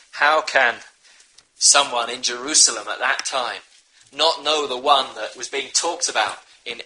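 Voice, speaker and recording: A man's voice: mid-range voice, bright, forceful tone, rough recording. A man preaching a sermon, earnestly urging his listeners to repent. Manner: earnest, pleading exhortation.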